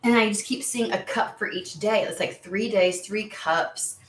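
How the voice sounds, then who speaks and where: A woman's voice: mid-range voice, measured pace, reverberant, a little hiss or hum. A woman giving a casual tarot reading to camera, chatty and rambling, easily sidetracked. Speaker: tarot reader.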